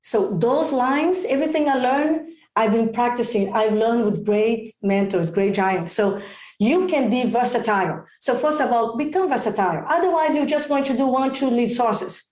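A woman working as a real estate agent, giving expressive, excitable advice in an interview. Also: on the high side, normal speed, roomy sound. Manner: expressive, excitable, many exclamations.

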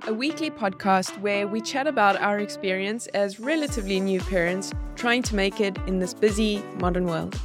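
A woman's voice: mid-range voice, normal speed, few pauses, over music. A woman co-hosting a podcast, chatting casually with playful, giggly banter. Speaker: podcast co-host.

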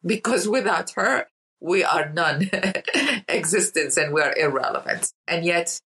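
A woman's voice: fairly low pitch, expressive, measured pace, a bit bright, breathy edge, poor audio. A woman from Iraq, an interview guest telling emotional stories and repeating words for emphasis. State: emotional, near tears. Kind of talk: emotional storytelling in conversation.

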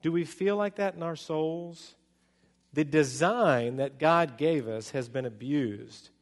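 A middle-aged man preaches with a fairly high voice, moving from bursts of loud excitement down to slow, hushed stretches. His sermon carries the long reverb of a large hall around it. He tells stories like a pastor speaking to his congregation.

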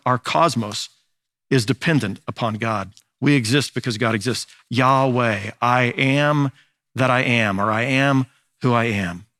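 A man's voice: medium pitch, a bit bright, no room sound, clean studio sound. A man preaching a sermon as a pastor, in a conversational teaching manner with frequent fillers and restarts.

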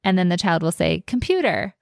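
A woman of middle pitch with a gravelly, fry-tinged voice talks earnestly about teaching, often slowing down to stretch a word for emphasis. The sound is dry and close. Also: dry recording. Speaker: podcast host. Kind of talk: casual teaching talk.

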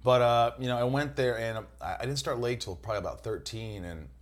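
A man in his forties, from New York and raised in Indiana, chatting as a guest and telling animated, profane stories. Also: medium pitch, a little fast. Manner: animated storyteller, swearing, mock voices. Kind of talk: casual chat.

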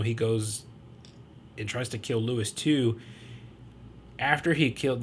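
A man's voice: mid-range voice, slight background noise. A man hosting a podcast, loosely retelling a film's plot in a casual way, full of fillers and acted-out quotes. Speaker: podcast host. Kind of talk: casual movie recap.

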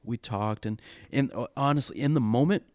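A man's voice: mid-range voice, a little mellow, no echo, studio quality. A man sharing a personal story from church ministry, talking earnestly with many restarts and repeated words. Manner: earnest, halting with frequent restarts. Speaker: church worship leader. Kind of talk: candid conversational storytelling.

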